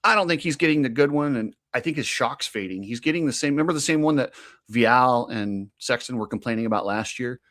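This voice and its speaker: A man in casual conversation, giving blunt opinions on racing and breaking into easy laughter. His voice sits at an ordinary middle pitch, relaxed and unpolished, the talk of a regular co-host. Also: a little fast. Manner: chatty, opinionated, laughs easily. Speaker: podcast co-host. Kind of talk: casual motocross chat.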